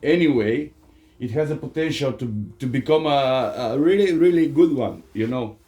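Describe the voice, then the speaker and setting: A man from Bulgaria with a Bulgarian accent, chatting casually in a home workshop as a vlogger, rambling and halting with many fillers and small chuckles. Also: medium pitch, dark tone. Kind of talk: casual vlog chat.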